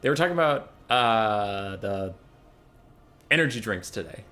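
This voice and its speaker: A man chatting casually on a live stream as a game caster, ranting, with swearing and bursts of loud exasperation. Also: fairly low pitch, animated, measured pace.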